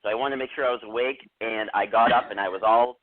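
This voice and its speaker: A man's voice: fairly low pitch, fairly even intonation, fast talker. Chatty male guest over a phone line. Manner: chatty, anecdotal. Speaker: guest author. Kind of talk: casual interview chat. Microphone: Bluetooth headset on a phone call.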